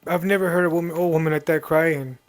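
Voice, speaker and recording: A young man sharing a painful family memory with his brother, halting and choked up at times. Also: on the high side, fairly even intonation. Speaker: podcast co-host, brother. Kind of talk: emotional personal storytelling.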